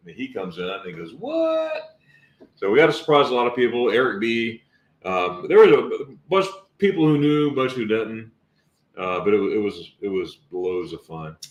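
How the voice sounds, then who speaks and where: A man's voice: lowish voice, animated, echoey room. A man appearing as a guest on a casual livestream, telling a story and often repeating himself as he goes. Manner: storytelling, halting with many repeats.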